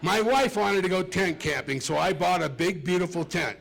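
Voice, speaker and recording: A man's voice: high voice, normal speed, gravelly, fairly bright tone. A middle-aged man doing a stand-up comedy set, chatty and self-mocking as he talks to the audience. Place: club stage with a live audience.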